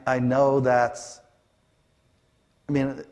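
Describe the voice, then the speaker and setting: A man's voice: mid-range voice, slow pace, highs cut off. A middle-aged man from Canada, telling stories on a conference stage with fillers and acted-out quotes. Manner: animated, acts out quotes, frequent fillers. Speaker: panel guest. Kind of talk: conversational storytelling on stage.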